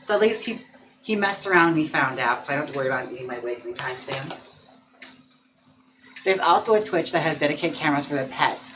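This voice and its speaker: A man's voice: expressive, fast talker, pauses often, noisy background. A man chatting casually and playfully on a livestream from home, laughing often and cooing at his dog. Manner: coos and coaxes his dog in a higher voice. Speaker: livestream host.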